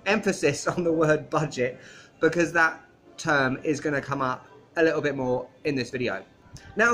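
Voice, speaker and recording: Young man, from Britain, casual travel vlog, chatty, slightly high voice, outdoor rooftop. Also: rough recording. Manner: chatty, excitable, expressive. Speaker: travel vlogger. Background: wind and music.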